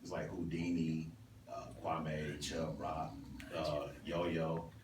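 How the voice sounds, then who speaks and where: A man in his forties hosts a casual talk and tells stories with lively energy and frequent laughter. He sits back from the microphone in a roomy, echoing space, with a faint ambient hum behind him. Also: extremely low pitch, slow pace. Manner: animated storyteller who laughs often. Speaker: host DJ. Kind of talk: casual chat. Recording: roomy, distant mic.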